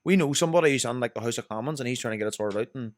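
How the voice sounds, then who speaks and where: A man's voice: medium pitch, racing, no echo, clean studio sound. A young Northern Irish man telling rambling, sweary stories as a podcast guest. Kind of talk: casual chat.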